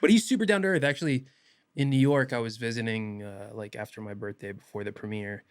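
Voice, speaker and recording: A young man, an actor guest on a podcast, telling stories in a casual animated way and acting out quotes. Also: fairly low pitch, brisk, clear, resonant tone, no echo, clean studio sound. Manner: animated, laughs often, acts out quotes. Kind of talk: casual podcast interview storytelling.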